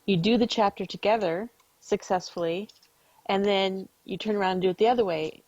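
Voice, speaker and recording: A woman co-hosting a casual gaming podcast, chatty and quick to laugh. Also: medium pitch, a little mellow, no echo, dull audio. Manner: chatty, laughs easily, hedges. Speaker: podcast co-host.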